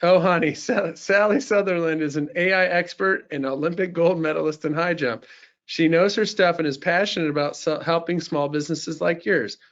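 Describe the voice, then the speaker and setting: A man's voice: fairly high pitch, steady tone, moderate pace, a bit bright, dull audio. A man voicing a sassy female chatbot assistant with a put-on Southern belle accent, sweet-talking the user as darling and sugar. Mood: sugary sales pitch.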